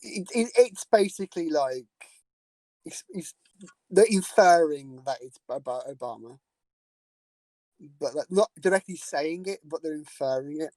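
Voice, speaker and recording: A man's voice: on the high side, lively intonation, unhurried, mellow, dry recording, low-quality recording. A man co-hosting a podcast, chiming in on a movie recap with frequent laughs and fillers. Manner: laughs often, lots of "like" fillers, chimes in. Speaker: podcast co-host. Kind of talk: casual movie recap chat.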